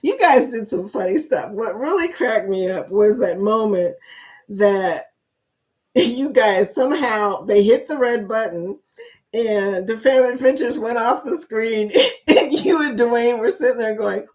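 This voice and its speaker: A woman's voice: on the high side, expressive, takes it slowly, darkish tone. A woman hosting a live stream chat, reading viewer comments aloud, laughing often and speaking. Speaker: livestream chat host.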